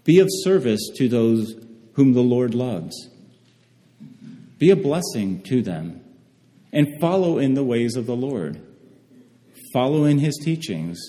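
Male preacher, mellow voice, slow careful scripture reading, big echoey hall. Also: mid-range voice. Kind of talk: sermon. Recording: reverberant hall.

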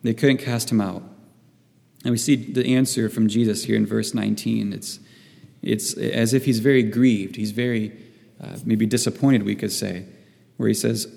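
Gravelly-voiced man preaching in an echoing hall. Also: fairly low pitch, steady tone, moderate pace, mellow. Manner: hesitant, repeats words while searching for phrasing. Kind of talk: sermon. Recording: long reverb in a hall.

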